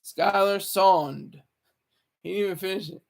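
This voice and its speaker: A man's voice: high voice, unhurried, creaky. A man talking casually on a live stream, rambling with many stammered restarts.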